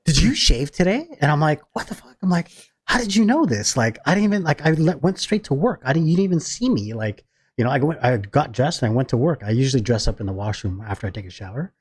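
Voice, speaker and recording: A man co-hosting a podcast, telling a crude family anecdote in relaxed, profane casual chat. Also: medium pitch, fast talker, breathy edge. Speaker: podcast co-host.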